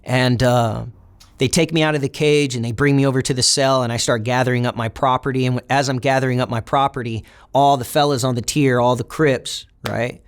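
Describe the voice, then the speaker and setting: Young man, interview guest, casual reflective storyteller, mid-pitched. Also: steady tone, a little fast, smooth. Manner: casual, reflective retelling with acted quotes of other inmates.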